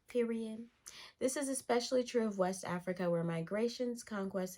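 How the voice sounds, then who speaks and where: A woman vlogger in a casual, excited chat, reading her results aloud. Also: mid-range voice. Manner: slow, excited and chatty, reads passages aloud.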